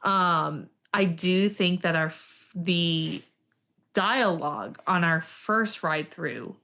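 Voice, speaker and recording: A woman with a fairly low voice co-hosts a podcast. She speaks in a relaxed, agreeable way and adds short affirmations often. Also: takes it slowly. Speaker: podcast co-host. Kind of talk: casual chat.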